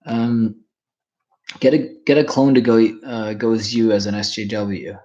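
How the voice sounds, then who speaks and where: A man's voice: fairly low pitch, little pitch movement, a little slow, mellow, muffled recording. A man in his twenties, rambling and swearing casually while reacting to chat on a livestream. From Canada. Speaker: streamer.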